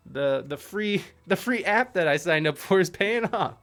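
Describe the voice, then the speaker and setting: A man's voice: high voice, expressive, fairly quick, few pauses, fairly bright tone. A man hosting a music podcast interview, chatting in a rambling, self-deprecating way and laughing often. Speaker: podcast host. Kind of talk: casual interview chat. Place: home studio streaming with a live chat.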